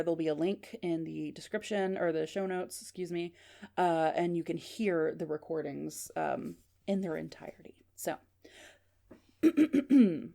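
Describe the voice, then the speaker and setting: A woman's voice: on the low side, creaky, dark tone. A woman podcast co-host telling a spooky story in a chatty, casual way with plenty of fillers.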